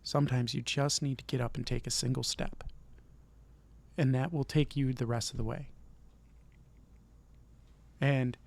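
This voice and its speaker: A man's voice: mid-range voice, flat delivery, a little slow, creaky, long pauses, a little mellow. A middle-aged man from Michigan hosting his own vlog, giving an earnest, encouraging motivational talk and often repeating himself. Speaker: vlog host.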